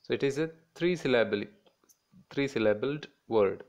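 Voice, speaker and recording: A man's voice: mid-range voice, moderate pace, darkish tone, dull audio. A man teaching a children's class in Indian English, patiently repeating words and breaking them into syllables.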